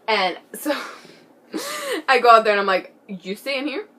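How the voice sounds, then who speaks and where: A teenage girl chatting through a storytime vlog with a bright, clear voice. She is excitable and giggly and leans on "like" and "bro". Some lines drop to a near whisper, with a faint hiss behind her. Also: a little high, unhurried. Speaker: vlogger.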